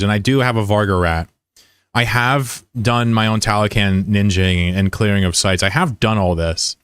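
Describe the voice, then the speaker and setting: A man with a lowish, fairly bright, clear and resonant voice streams a game and chats casually with viewers, in clean studio sound with no room sound. He rambles and digresses with many restarts, joking at his own expense.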